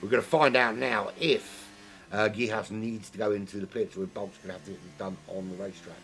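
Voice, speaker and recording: A man doing solo live race commentary, rambling and jokey, getting excited at incidents, his voice worn from a long weekend of talking. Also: on the low side, fairly quick, faint music behind. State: losing his voice. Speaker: sim racing commentator.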